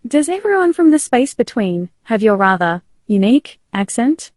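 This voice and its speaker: A woman host delivering measured documentary-style narration and asking interview questions. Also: fairly high pitch, very animated, darkish tone, no room sound.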